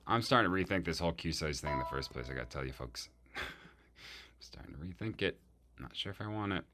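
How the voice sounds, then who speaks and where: A man's voice: deep voice, expressive, fast. A man composing music and thinking aloud, muttering to himself and humming melodic lines on "da".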